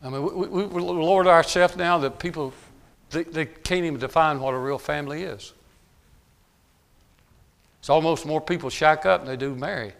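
A middle-aged man preaches in a folksy way, his voice gravelly and a little raised in pitch. He drops to quiet asides, then climbs into loud shouts. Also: moderate pace, long pauses. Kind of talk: sermon.

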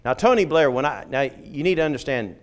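A man's voice: medium pitch, expressive, fairly quick. A middle-aged man who grew up in the United Kingdom, a former missionary, giving a conversational lecture on religion in an emphatic manner, checking in with frequent "okay?" asides.

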